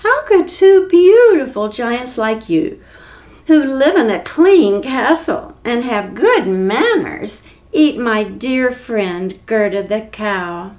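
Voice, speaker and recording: A woman's voice: on the high side, very animated, slow pace, darkish tone. A woman voicing a bold, clever young butter maid who scolds and gives orders in a storybook reading. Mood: bossy. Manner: scolding, bossy exclamations.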